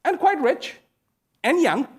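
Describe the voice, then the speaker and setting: A man giving a speech to an audience, slow and deliberate, pausing between short phrases and repeating key words for emphasis. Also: very high-pitched, sing-song. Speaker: invited speaker. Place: event at a large international venue.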